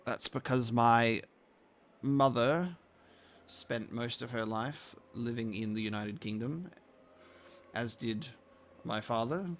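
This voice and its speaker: A man's voice: mid-range voice, slow pace, a little hiss or hum. A man with a blend of Australian and British accent, chatting casually while live-streaming a game and reacting to chat. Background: faint game music.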